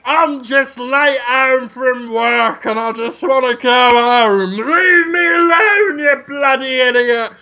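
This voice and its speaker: A frightened young woman, as a man puts her on, pleading in a shrill, raised falsetto. The voice is bright and creaky at the edges, and she whines at her attackers. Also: slow, few pauses, lo-fi sound, exaggerated voice.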